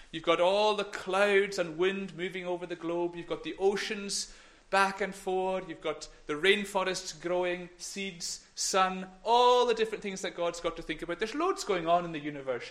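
A man's voice: high voice, moderate pace, few pauses, fairly bright tone. A middle-aged man gives a playful, encouraging children's talk in church on a microphone, sometimes dropping to a whisper. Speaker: minister giving a children's talk.

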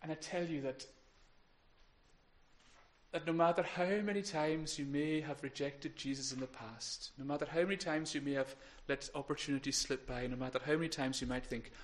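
Earnest preacher with a higher voice. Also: male voice, steady tone, normal speed. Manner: earnest, builds to emphatic peaks then drops quiet. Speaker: pastor. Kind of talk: sermon.

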